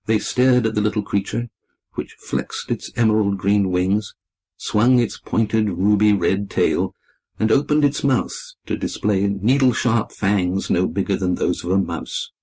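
A man narrating a children's storybook in a measured, descriptive reading. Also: lowish voice, a little mellow, breathy edge. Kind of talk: scripted narration.

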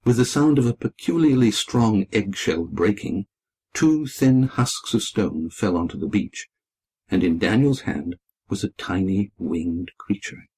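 Husky-voiced man reading a story. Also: on the low side, animated, darkish tone. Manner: measured, descriptive. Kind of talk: scripted narration.

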